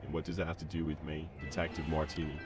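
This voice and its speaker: A pompous circus lion tamer, spoken by a synthetic male game voice. He talks in a very deep, flat, formal tone, brushing off questions with stiff politeness. Game music plays clearly behind him. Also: quick pace. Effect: game text-to-speech voice.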